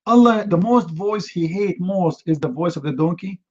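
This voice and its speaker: A man's voice: sits high, normal speed, darkish tone, lo-fi sound. A man hosting a heated live online debate. He talks in non-native English with fillers and repeats, and fires off mocking rhetorical questions. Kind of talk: heated live-stream commentary.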